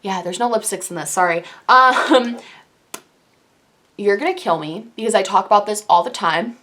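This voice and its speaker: A young woman casually reviewing the makeup she loves, gushing in quick, animated bursts of enthusiasm. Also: medium pitch. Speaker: beauty YouTuber.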